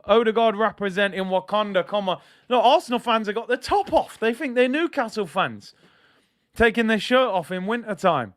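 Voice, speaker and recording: A young man hosting a live football watch-along, reading chat and reacting loudly to the match. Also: sits high, normal speed, dry recording, studio quality. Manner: excitable, banters with chat, shouts at big moments.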